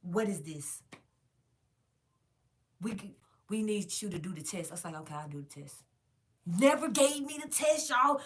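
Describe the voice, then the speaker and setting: A woman talks straight to her viewers, frank and profane. Her pitch sits in the middle of the range. She carries a casual storytelling flow. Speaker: vlogger telling a story.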